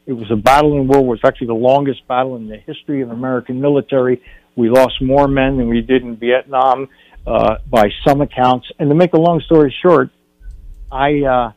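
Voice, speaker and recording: A man's voice: medium pitch, fairly even intonation, brisk, darkish tone, no echo. An older man, a film director guest on a radio show, telling a personal story in an earnest way, often restarting his sentences. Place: radio studio. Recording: dull radio broadcast.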